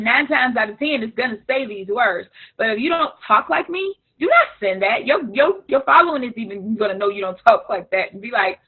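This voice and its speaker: Woman coach, frank and animated, husky higher voice, phone-like sound. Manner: animated, frank, imitates others playfully. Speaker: business coach. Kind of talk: live coaching session. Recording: tinny phone-like line.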